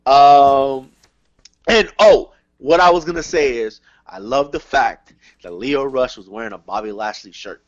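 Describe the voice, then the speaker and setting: A man hosting a casual wrestling review podcast, excitable and quick to swear and laugh. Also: medium pitch, lo-fi sound. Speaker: podcast host.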